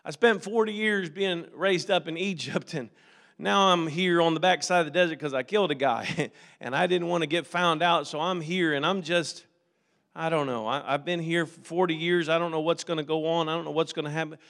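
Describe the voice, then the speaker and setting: A man acting out Moses as a weary, unsure middle-aged shepherd, speaking hesitantly and haltingly with self-doubt. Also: a little high, steady tone, a bit bright, in a large hall. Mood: doubtful.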